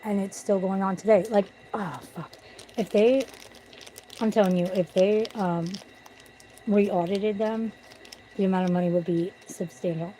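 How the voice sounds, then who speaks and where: A woman's voice: mid-range voice, fairly even intonation, a little slow, long pauses, warm tone, a little hiss or hum, poor audio. Blunt, profane woman ranting at home. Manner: blunt, profane, venting about corruption. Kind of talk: casual livestream rant. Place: at home with pets.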